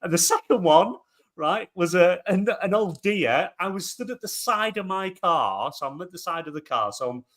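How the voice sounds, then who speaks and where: A man on a gaming podcast, telling animated, swear-laden stories and acting out the quotes. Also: high voice, normal speed. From England. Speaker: podcast panelist. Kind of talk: casual chat.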